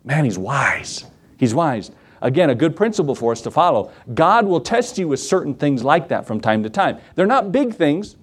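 A man's voice: on the high side, normal speed, breathy edge. A middle-aged man preaching a sermon, telling stories in a folksy way and acting out the quotes while he talks straight to the congregation. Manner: animated storytelling with acted-out quotes; folksy, addresses the congregation directly. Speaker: pastor.

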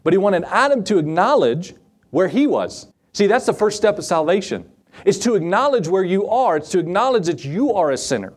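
A middle-aged man preaching a sermon as pastor, animated and acting out Bible scenes in different voices. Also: high-pitched, fairly quick, slightly rough.

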